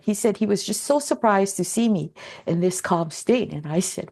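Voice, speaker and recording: A woman in a group talk slowly telling a personal story in a calm, rambling way, full of fillers and restarts. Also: medium pitch, gravelly. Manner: rambling, lots of "you know" and restarts, calm. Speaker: Ho'oponopono instructor.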